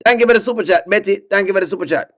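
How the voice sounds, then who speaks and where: A man's voice: high-pitched, very fast, a bit bright. A man reacting on a live stream, exasperated and pleading with his chat, repeating himself over and over.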